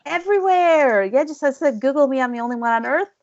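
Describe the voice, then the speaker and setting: A woman's voice: high-pitched, expressive, fast, dry recording. A woman author, a guest on a podcast, chatting playfully and laughing a lot. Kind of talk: casual interview chat. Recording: dull, dry lo-fi audio.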